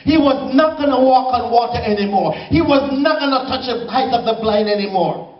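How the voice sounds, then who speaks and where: A man preaching a sermon as pastor, slow and dramatic, with repeated refrains. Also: very high voice. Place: church sanctuary. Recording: echoey, dull church recording from far off.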